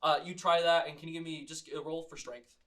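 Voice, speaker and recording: A man narrating as game master of a tabletop game, animated and laughing often, with many fillers. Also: a little high, fairly quick, over a noisy crowd.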